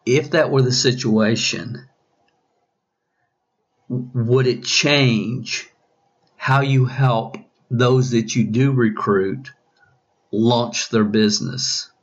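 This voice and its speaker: A man's voice: mid-range voice, steady tone, extremely slow, long pauses, dull audio. A male coach hosting a podcast, asking his listeners question after question and often restarting his sentences. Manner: probing, repeats questions, many restarts. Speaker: business coach.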